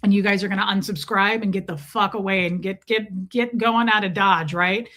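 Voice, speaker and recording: A woman hosts a casual livestream, reading viewer comments aloud and replying in a chatty, profane, playfully exaggerated teasing way. Her voice is medium-pitched and a bit bright, with fairly even intonation at a moderate pace.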